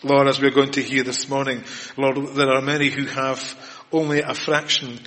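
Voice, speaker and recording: A man leading a spoken prayer in a church service, calling on "Lord" at nearly every phrase in a steady rhythm. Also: medium pitch, moderate pace. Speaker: worship leader. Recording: reverberant church hall.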